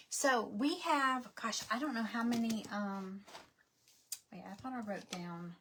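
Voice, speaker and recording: A woman's voice: on the high side, measured pace, fairly bright tone, breathy edge. A woman hosting a craft livestream, chatting casually and muttering to herself now and then.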